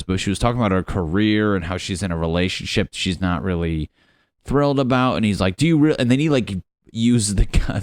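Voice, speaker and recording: Young male podcast host, deep voice, loose swearing comic monologue at home. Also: dry recording. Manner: profane, rambling, jokey with put-on quote voices. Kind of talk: solo comedic podcast rant. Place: his apartment on a lunch break.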